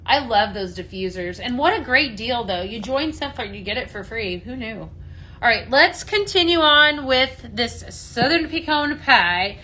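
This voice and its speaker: Raised in the American Midwest, this woman is a home fragrance consultant running a casual live-stream product demo and sale. Her slightly raised voice is bright, forceful and expressive, and she talks unhurriedly, chatting enthusiastically and greeting viewers by name.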